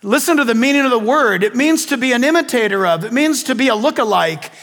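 An older man preaching to a congregation, with an unusually high voice for a man. He asks the room questions and drops homey asides between points. His voice rings out in a large hall with a long reverb tail. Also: animated, fast, fairly bright tone. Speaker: pastor. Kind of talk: sermon.

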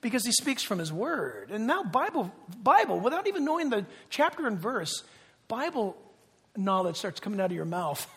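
A man's voice: high-pitched, big pitch swings, moderate pace, a bit bright, breathy edge. A man preaching a sermon as pastor, emphatic, prompting the congregation to repeat words back. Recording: long reverb of a large hall.

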